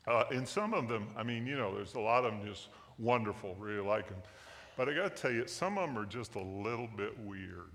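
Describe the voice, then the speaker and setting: A man's voice: medium pitch, a bit bright, long reverb tail. A man preaching a sermon as pastor, in a folksy, joking way, asking the congregation questions in a church sanctuary.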